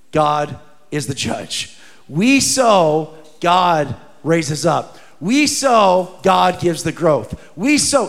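High-voiced preacher in a reverberant hall. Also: male voice. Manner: dynamic preaching, rising to shouts and dropping to hushed asides; acts out quoted voices in conversation. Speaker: pastor. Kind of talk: sermon.

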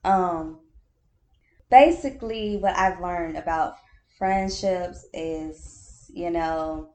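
A woman with a slightly low voice hosts her own podcast, talking alone in a loose, candid way. She laughs often, repeats phrases for emphasis and calls the listener honey or baby. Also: extremely slow, warm tone. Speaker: podcast host. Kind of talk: casual solo podcast talk.

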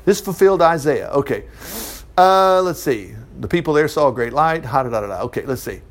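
A man's voice: fairly high pitch, brisk. A man preaching a sermon, reading scripture aloud and stopping to comment on it. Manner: animated, reads verses and breaks in with asides. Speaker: Baptist preacher.

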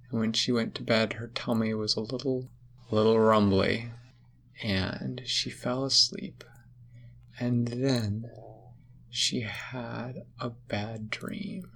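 Woman storyteller, very low, husky, slow and hushed, spooky tale for kids. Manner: slow, hushed, drops into whispers. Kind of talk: telling a spooky story to children.

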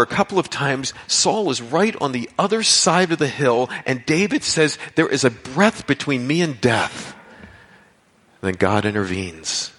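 A man's voice: on the high side, fairly bright tone, slightly rough. Man preaching in a reverberant hall. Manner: earnest preaching, rising to emphatic cries. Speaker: pastor. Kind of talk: sermon.

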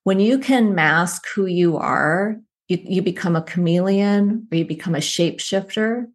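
A woman psychologist, a guest in a conversational interview, talking in a thoughtful, unhurried, storytelling way. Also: fairly low pitch.

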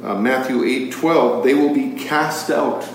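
A man leads a Bible study, stopping often on an "uh" and asking his listeners question after question. His voice sits at an ordinary middle pitch. It carries a lot of echo, picked up from across the room, with a faint hiss of room noise underneath. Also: measured pace. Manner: poses rhetorical questions and reads scripture aloud, with frequent fillers. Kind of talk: teaching a Bible study to a live group. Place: room with a live group. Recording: very echoey room, far from the mic.

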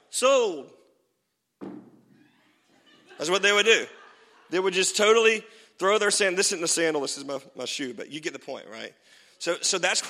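A man preaching a sermon, telling a Bible story with lively swings between loud and soft. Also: high voice. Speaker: pastor. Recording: church hall reverb.

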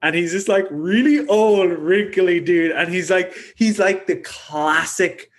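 A man co-hosting a podcast in casual chat, animated and rambling, with lots of filler words. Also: sits high, measured pace. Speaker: podcast co-host.

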